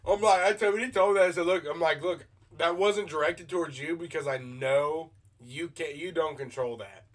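Guy with a kinda high voice just shooting the breeze on a podcast, swears a bunch. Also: moderate pace. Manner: loose, chatty, swears casually. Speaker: podcast host. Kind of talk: casual chat.

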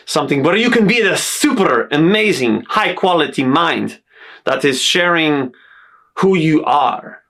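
A man's voice: fairly high pitch, expressive, a little slow, a bit bright. A man giving a motivational self-help talk, listing uplifting affirmations in an earnest tone, speaking in a stylized accent he invented for himself.

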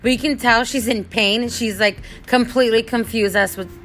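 A woman hosting a podcast, telling a personal story in a casual, animated, expressive way. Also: on the high side, brisk. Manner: animated, expressive, acts out quotes. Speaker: podcast host.

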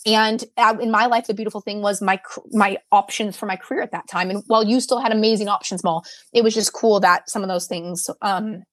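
A woman's voice: medium pitch, steady tone, brisk, few pauses, no echo, clean studio sound. A woman co-hosting a podcast, speaking in an effusive, heartfelt way and often restarting her sentences. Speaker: podcast co-host. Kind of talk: casual podcast chat.

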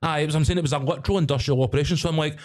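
A man's voice: fairly high pitch, fairly even intonation, very fast, a little mellow. A young Scottish man co-hosting a podcast in casual, sweary, rambling chat. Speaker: podcast co-host.

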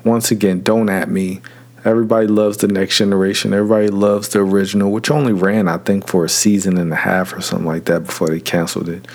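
A man's voice: deep voice, little pitch movement, quick pace, a little mellow. A young adult man hosting a casual solo podcast, rambling and opinionated, with many fillers and restarts. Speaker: podcast host.

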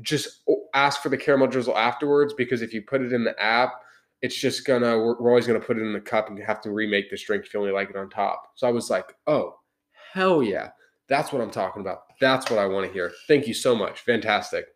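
A man's voice: on the low side, fast. A young man hosting a podcast, telling a heated story in casual chat. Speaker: podcast host. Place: podcast room.

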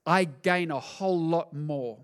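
Animated high-voiced male pastor. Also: a little slow, clear, resonant tone. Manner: animated, acts out quoted voices, conversational. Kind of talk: sermon.

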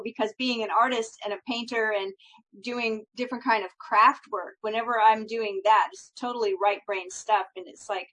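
A woman's voice: mid-range voice, a bit bright, poor audio. A middle-aged woman, a life coach, chatting in an upbeat, reassuring way and laughing often. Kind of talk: casual chat.

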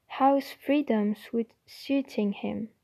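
A woman's voice: a little high, steady tone, slow, vocal fry, darkish tone, heavily acted. A woman reading a curious teenage boy.

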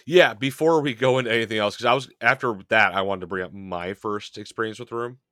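A man's voice: on the low side, quick pace, a bit bright, no room sound, studio quality. A man co-hosting a casual podcast, laughing often and swearing as he rambles through a scene. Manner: laughing, profane, scattered. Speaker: podcast co-host.

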